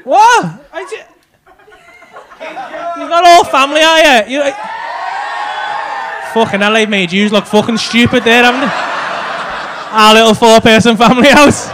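A stand-up comedian with a Liverpool accent, working the crowd in a comedy club with brash, sweary, teasing banter into a handheld mic. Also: male voice, very high voice, lively intonation, moderate pace, long pauses, background noise. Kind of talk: live stand-up crowd work. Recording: live club with loud crowd laughter.

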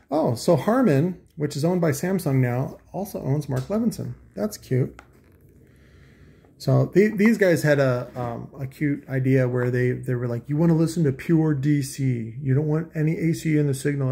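Gravelly-voiced crude sarcastic man. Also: mid-range voice, dark tone. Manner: crude, sarcastic, mocking, with scoffing asides. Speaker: vlogger reviewing audio magazine. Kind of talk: casual profane rambling commentary.

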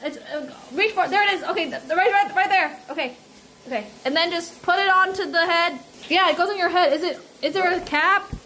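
A woman's voice: very high-pitched, brisk, pushed and bright, slight background noise, poor audio. A woman streaming live, chatting and giggling while giving step-by-step directions. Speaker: streamer host. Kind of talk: casual live-stream chat.

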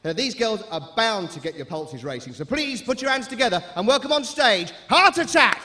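Brash stage compere. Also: male voice, high-pitched, lively intonation, normal speed. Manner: brash music-hall patter, loud to the audience. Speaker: stage actor playing a club compere. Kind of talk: live stage comedy performance.

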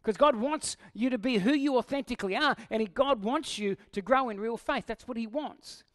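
A man's voice: very high voice, normal speed, a bit bright. A man preaching a sermon in a conversational way, asking the listeners questions and acting out quoted lines. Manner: acts out quoted lines in a raised voice. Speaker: pastor.

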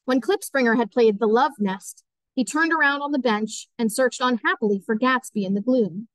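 Woman teacher narrating an audiobook; steady, clear, higher voice, dry close sound. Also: moderate pace, no room sound, low-quality recording.

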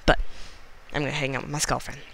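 Bright-voiced man joking through gameplay. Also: mid-range voice, level tone, creaky. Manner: playful, jokey, quick to exclaim. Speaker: gaming channel host. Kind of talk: let's-play commentary.

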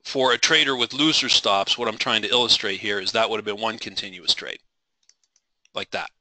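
A man's voice: on the low side, fairly even intonation, a little fast, pushed and bright, no room sound, rough recording. A middle-aged man leading a live trading webinar, passionate and driven, rambling with frequent restarts and apologies.

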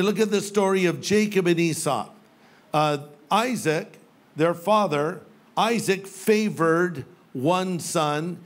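Older male pastor preaching, light and funny, voice a touch high. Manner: humorous storytelling with playful quoted voices. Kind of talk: sermon. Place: church sanctuary with live audience.

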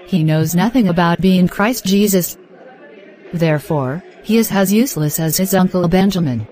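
A woman's voice: fairly low pitch, moderate pace, a little mellow, some chatter behind, lightly acted. A woman voicing a boastful, scheming wife. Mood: scornful. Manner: dismissive, boastful. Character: scheming wife, proud of her dark altar.

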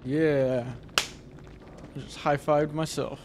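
A man's voice: a little high, takes it slowly, noisy background. A man hosting a livestream, calling out plays and joking casually with friends and viewers. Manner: excited, urgent callouts during play; laid-back, joking with chat between rounds. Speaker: livestream host playing a game. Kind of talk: casual gaming chat.

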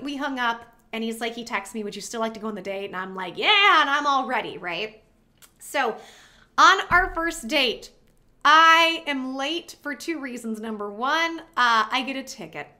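A woman vlogger chats straight to her viewers in a high, lively voice. Her tone is bright and a little sharp, and she tells her story in an animated, casual way with quick asides.

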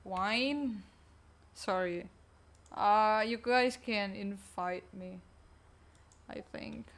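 A woman streaming a game, chatting casually with teammates in a low, weak, energy-saving way. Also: drawn-out words, a bit bright. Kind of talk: casual live-stream chat while gaming.

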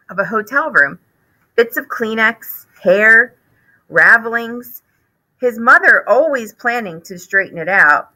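Teacher read-aloud: woman, expressive narration, sharp bright tone, animated pitch. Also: rough recording. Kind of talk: reading a children's book aloud.

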